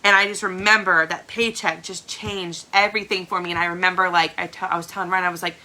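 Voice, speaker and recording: A woman's voice: fairly low pitch, flat delivery, quick pace, pushed and bright, poor audio. A woman, telling her own story at a sales team training in a chatty, emphatic way full of "like". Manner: chatty, fillers "like", emphatic repeats. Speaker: Scentsy star director. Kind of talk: motivational personal story.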